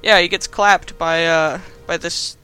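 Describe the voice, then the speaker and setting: A man's voice: a little high, fairly even intonation, unhurried, sharp tone, smooth. A young man casually recapping a movie as a podcast host, rambling with lots of fillers and frequent laughs.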